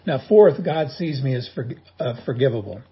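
A man's voice: mid-range voice, expressive, normal speed, breathy edge, dull audio. A man preaching a sermon as a pastor, in a folksy, humorous storytelling manner.

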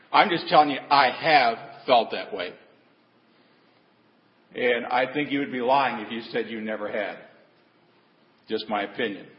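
A male pastor preaching a sermon in a conversational storytelling manner, animated, with asides and rhetorical questions. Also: medium pitch. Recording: dull echoey hall recording.

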